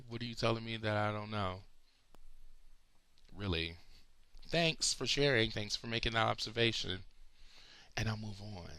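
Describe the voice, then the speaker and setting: A sleepy, yawning man and motivational speaker, giving an emphatic, encouraging personal video message and slowing down to stress his points. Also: lowish voice, vocal fry, fairly bright tone, no echo.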